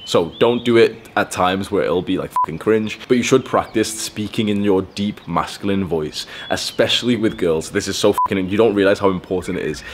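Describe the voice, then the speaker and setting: A man's voice: low-pitched, normal speed, hardly any pauses, noisy background. A young man giving blunt, profane self-improvement advice in a casual, rambling monologue. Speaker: self-improvement video host.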